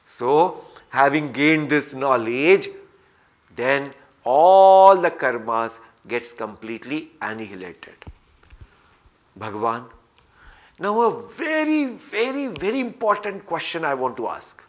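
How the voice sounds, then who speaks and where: A man's voice: fairly high pitch, very animated, takes it slowly. A man giving a scripture lecture, telling stories and repeating phrases for emphasis. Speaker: spiritual teacher.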